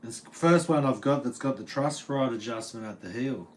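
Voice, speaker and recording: A man's voice: medium pitch, normal speed. Laid-back, swearing Australian man. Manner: laid-back, slangy and profane. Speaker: metal guitar teacher streaming live. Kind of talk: casual livestream chat. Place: at home.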